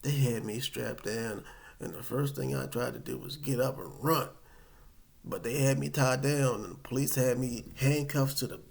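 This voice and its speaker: A man telling a personal story to camera in a casual, animated, rambling way. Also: mid-range voice, vocal fry. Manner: animated, colloquial, rambling with restarts.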